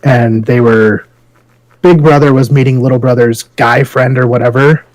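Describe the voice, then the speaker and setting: A man's voice: mid-range voice, steady tone, normal speed, no room sound, rough recording. A man co-hosting a podcast, chatting casually, telling stories with profanity and frequent laughter. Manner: profane, storytelling, laughs often. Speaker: podcast co-host. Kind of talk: casual chat.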